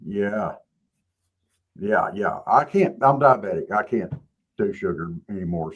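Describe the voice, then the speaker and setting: A man's voice: lowish voice, slightly rough, rough recording. A man, co-hosting a casual chat show and telling laid-back, joking stories. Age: 50s. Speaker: show co-host.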